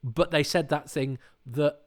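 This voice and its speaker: A middle-aged man hosting a podcast, talking in a casual monologue with animated, indignant storytelling. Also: a little high, a little slow. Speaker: podcast host.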